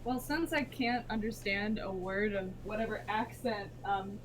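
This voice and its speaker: A woman in a tabletop game on voice chat, lively and giggly. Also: mid-range voice, measured pace, a crowd in the background, poor audio. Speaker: player.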